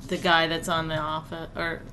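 A woman's voice: low voice, monotone, moderate pace. A middle-aged woman co-hosting a casual podcast at home, talking bluntly and swearing freely. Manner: blunt, profane, ranting. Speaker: podcast co-host, comedian. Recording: faint background noise.

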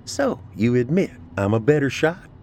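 A teasing, sharp-witted country woman in a horror audio story, voiced by a man. The voice rises a bit above his own and slows down. Her lines are playful and dry. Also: mid-range voice, sing-song, slight background noise, voice pushed up.

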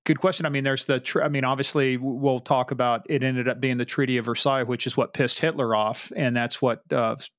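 A man's voice: mid-range voice, fairly even intonation, fairly quick, hardly any pauses, no echo. Joking male podcast host, dry sound. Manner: joking, laughs easily, asks questions. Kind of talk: casual chat interview.

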